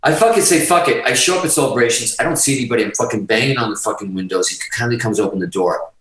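A middle-aged man tells a rambling story on a podcast, swearing freely and tripping over his own restarts. His voice sits at an ordinary pitch. It comes from a little way off the mic in a room with noticeable echo. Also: very fast. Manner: animated, swears constantly, restarts sentences. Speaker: guest musician. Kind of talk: casual profane storytelling. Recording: roomy sound, distant from the mic.

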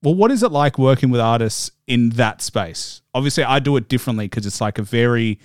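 A man's voice: medium pitch, animated, brisk, smooth, no room sound. Rambling podcast host, man, dry sound. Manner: rambling, self-correcting questions. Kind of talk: casual interview chat.

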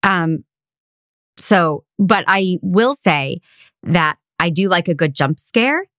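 A woman co-hosts a podcast and talks in a casual, dry and sarcastic way. Her voice sits somewhat low. It is recorded close on a podcast microphone with a dry sound. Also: lively intonation, slow, fairly bright tone, no echo. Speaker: podcast co-host. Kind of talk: casual chat.

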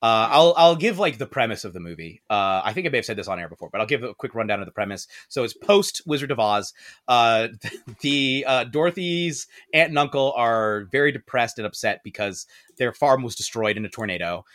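Animated man retelling a story. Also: a little fast. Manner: animated storytelling, acting out quotes in high voices. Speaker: podcast host. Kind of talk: casual chat.

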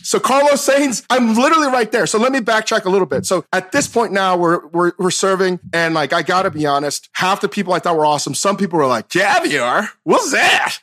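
A middle-aged man with a high-pitched voice hosts a loose podcast conversation. He tells stories in an animated way, jumps into loud acted-out quotes, and keeps laughing along. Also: quick pace, few pauses. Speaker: podcast host. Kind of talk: casual chat.

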